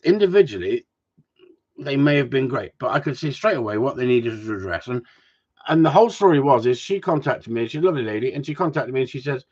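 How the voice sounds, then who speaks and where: Man, gundog trainer, husky, animated and sweary, dull lo-fi sound. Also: medium pitch, fast talker. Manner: animated, swears freely, frequent restarts. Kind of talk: casual chat, storytelling. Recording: dull lo-fi recording.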